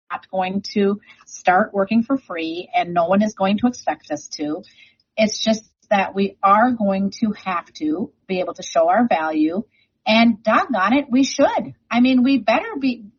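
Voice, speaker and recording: A confident woman talks about the housing market on a radio segment, leaning hard on her points in a chatty way. Her voice is a little husky, with a frog in her throat, and the broadcast audio sounds dull and lo-fi. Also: mid-range voice. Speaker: real estate agent guest.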